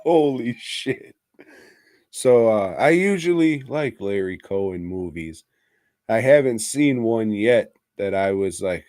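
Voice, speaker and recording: A man's voice: on the low side, lively intonation, slow pace, a little mellow, dry recording. A man co-hosting a podcast, rambling through a casual movie review while drinking, swearing constantly and laughing mid-sentence. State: drinking, tipsy. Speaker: podcast co-host.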